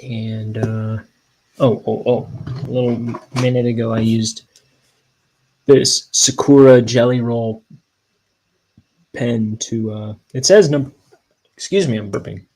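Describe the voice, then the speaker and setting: A young man, a cartoonist, rambling in a meandering, self-deprecating way with deadpan jokes while he works. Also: mid-range voice, slow pace, long pauses. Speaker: cartoonist inking his graphic novel. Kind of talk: casual rambling studio vlog.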